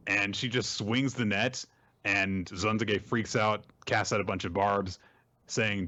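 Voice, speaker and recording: Male podcast host, casual, lively storyteller; slightly dull audio. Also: lowish voice, moderate pace. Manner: animated, jumps into silly character voices for quotes. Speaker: podcast host recapping manga. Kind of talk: casual chat, summarizing with voiced quotes.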